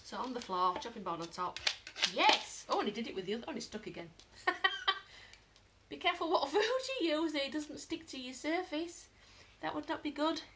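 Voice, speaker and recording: A woman's voice: expressive, fairly quick, a bit bright. Chatty British woman training her dog. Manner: chatty, bursts into high praise for the dog. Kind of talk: live-streamed training demo. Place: home, on the floor with her dog.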